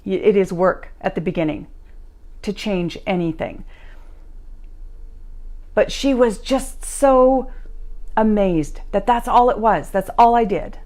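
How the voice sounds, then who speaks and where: Woman doing a motivational live chat, upbeat, middle pitch, keeps repeating her main points. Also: takes it slowly, pauses often, a little mellow. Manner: upbeat, repeats key phrases for emphasis. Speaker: podcast host and life coach. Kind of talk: motivational talk, storytelling. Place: live stream recorded at home.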